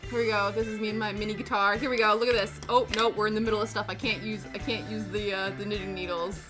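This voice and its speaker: A woman's voice: medium pitch, little pitch movement, fast talker, over music. A woman hosting a casual livestream, chatty and self-mocking as she crafts and chats. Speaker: livestream host.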